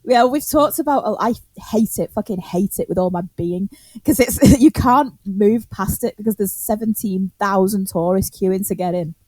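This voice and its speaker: A woman's voice: mid-range voice, moderate pace, darkish tone, dry recording. A woman tells a story on a podcast in casual chat. She laughs often, swears freely and acts out the quotes. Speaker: podcast co-host.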